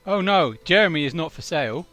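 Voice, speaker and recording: Casting: man doing an earnest, literal mountain man, slightly high voice, tabletop game. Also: lively intonation, fairly quick, a bit bright, faint music behind. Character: naive mountain man with a pet sheep.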